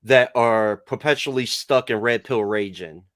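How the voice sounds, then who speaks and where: Smooth-voiced man, blunt and preachy. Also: medium pitch, unhurried, fairly bright tone, no echo, studio quality. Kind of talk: blunt opinion talk.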